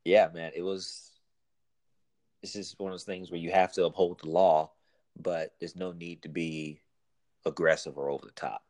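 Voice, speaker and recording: Very deep-voiced man, dry sound. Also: flat delivery, a little mellow, dry recording. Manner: halting, reflective, with restarts. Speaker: police officer guest. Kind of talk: casual chat.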